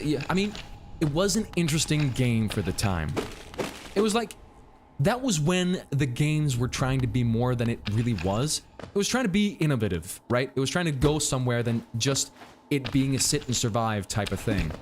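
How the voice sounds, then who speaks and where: A man's voice: mid-range voice, sing-song, normal speed, a little hiss or hum. A man in his twenties casually ranting and swearing while he plays a game. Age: 20s. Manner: ranting, profane, rambling. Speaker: gaming streamer. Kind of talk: casual playthrough chat.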